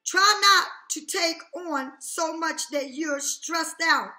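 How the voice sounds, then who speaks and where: A woman's voice: very high voice, slow, pushed and bright, echoey room. A woman giving a casual tarot reading, talking emphatically, repeating herself and checking in with "okay?" often. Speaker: tarot reader.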